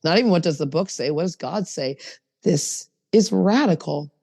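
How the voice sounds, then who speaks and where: A woman's voice: sits low, normal speed, vocal fry, no room sound, long reverb tail. A woman co-hosting a recovery podcast, telling stories in casual chat and acting out what others said. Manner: animated storytelling with acted quotes. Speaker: podcast co-host.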